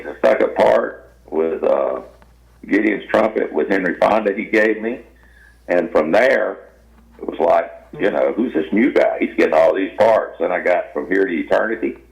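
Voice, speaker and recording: A man's voice: low voice, vocal fry. An older man with a Southern US accent, a guest actor telling folksy, rambling stories in an interview. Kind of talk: storytelling interview. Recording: dull lo-fi radio audio.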